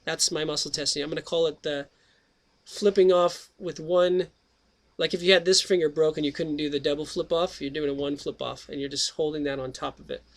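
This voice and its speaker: A man's voice: fairly high pitch, steady tone, brisk. A middle-aged man hosting his own radio show, talking in a chatty, jokey way that jumps between topics before reading a book aloud. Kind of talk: rambling casual monologue and reading aloud.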